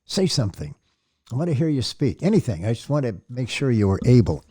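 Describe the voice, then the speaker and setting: A man doing a rumbling, gentle giant messiah. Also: sing-song, brisk, breathy edge. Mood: soothing. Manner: soothing, folksy, with occasional stern reprimand. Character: huge bearded shepherd messiah, gentle but commanding. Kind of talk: audiobook character voice.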